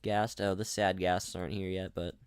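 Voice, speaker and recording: A young gaming streamer rambles chattily through casual gameplay commentary, often restarting sentences and reading chat messages aloud. His voice is low, smooth and flat, at normal speed, with no echo.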